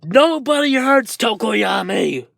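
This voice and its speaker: A man voicing an enraged male shadow creature in a fan-told story, speaking in halting, agitated bursts. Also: fairly high pitch, animated, creaky, husky, no room sound, studio quality, heavily acted. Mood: angry.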